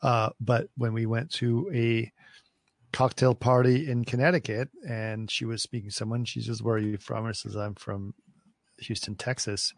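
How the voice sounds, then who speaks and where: A man's voice: medium pitch, fairly even intonation, normal speed, gravelly, no echo. A man chatting casually, telling anecdotes with hesitant restarts. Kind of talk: casual chat.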